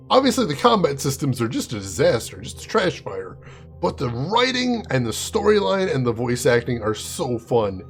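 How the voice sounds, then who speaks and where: A man live-streaming a game in a chatty way, laughing often and answering viewers by name. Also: mid-range voice. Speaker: game streamer reading chat. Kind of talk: casual live-stream chat.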